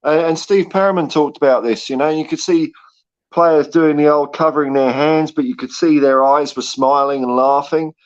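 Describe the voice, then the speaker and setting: A man's voice: a little high, steady tone, moderate pace. A man giving blunt, rambling opinions as a guest pundit. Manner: rambling, blunt, many fillers. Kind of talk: casual chat. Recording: dull lo-fi call audio.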